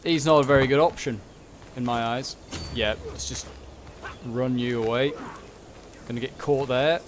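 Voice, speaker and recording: A young man giving casual commentary on a strategy game, thinking aloud and muttering quick reactions. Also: medium pitch, steady tone, noisy background. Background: background music.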